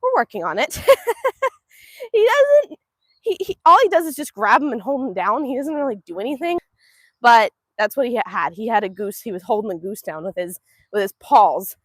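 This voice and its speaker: A woman with a fairly high, sing-song, fairly bright voice speaks at a moderate pace while hosting a casual homestead livestream outdoors on a farm from her phone. She's chatty and laughs often as she answers viewers, and the audio is studio quality with no echo.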